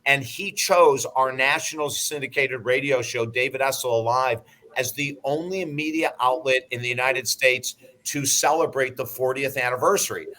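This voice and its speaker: A man in his sixties, a life coach and broadcaster, tells stories as an interview guest. His voice sits at medium pitch and moves at a normal speed. He's an animated anecdote-teller, blunt and emphatic, and swears now and then.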